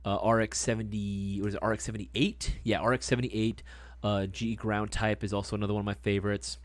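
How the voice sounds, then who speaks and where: A man hosting a livestream, chatting casually and rambling through stories with lots of swearing and excited gushing. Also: on the low side, brisk, dry recording. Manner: profane, rambling storyteller; excitable, gushing about hobbies. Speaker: livestream host.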